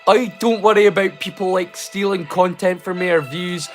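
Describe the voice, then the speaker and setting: A man's voice: sits high, moderate pace, soft background music. A man from Scotland hosting a livestream, drunk and rambling, swearing casually and putting himself down. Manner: rambling, swearing, self-deprecating. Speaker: livestream host.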